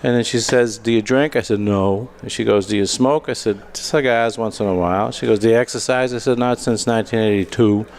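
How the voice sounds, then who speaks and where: Gravelly-voiced middle-aged male comedian. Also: on the low side, a little fast, few pauses, a little mellow. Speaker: comedy show host. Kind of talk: stand-up storytelling.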